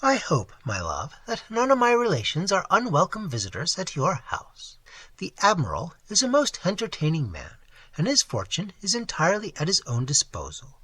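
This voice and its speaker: A prim, faintly disapproving English wife, as a male reader puts her on. Her voice sits high and bright, with a husky edge. She speaks with careful, genteel propriety. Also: huge pitch swings, normal speed, dry recording, full character voice. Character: prim, proper middle-aged English wife.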